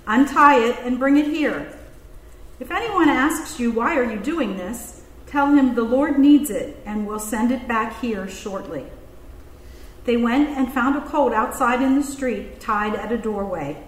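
Woman, scripture reader, higher voice, measured clear delivery, roomy church reverb.

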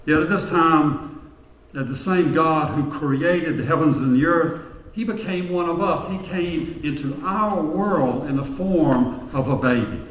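A male pastor preaching a sermon, telling stories in a measured way with quiet reflective asides. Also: a little high, distant mic. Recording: echoey hall with long reverb.

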